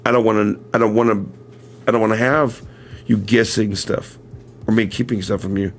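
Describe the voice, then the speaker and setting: A man with a lowish voice and fairly even intonation hosts a relaxed livestream, his moderate pace captured by a camera mic with soft music behind him. His story wanders and corrects itself amid frequent chuckles, and he then talks to viewers in an earnest, direct way.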